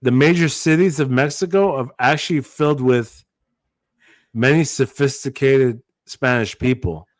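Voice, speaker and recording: A man's voice: medium pitch, unhurried, dry recording, studio quality. Blunt, profane man with a bouncy lilt. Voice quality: lyrical bounce to his voice. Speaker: podcast co-host. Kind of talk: casual podcast banter.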